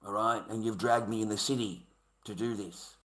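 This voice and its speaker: A man's voice: fairly low pitch, steady tone, moderate pace, fairly bright tone. A middle-aged Australian man, a live streamer, angrily ranting in a combative, profane, repetitive way. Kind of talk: angry ranting monologue. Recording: echoey room.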